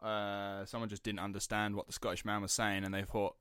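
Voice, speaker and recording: A young man co-hosts a podcast and riffs in animated, cheeky banter with the odd swear word. His voice is on the low side for a man. The sound is close and dry. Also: fast talker, few pauses, smooth, no echo. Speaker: podcast co-host. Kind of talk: casual banter.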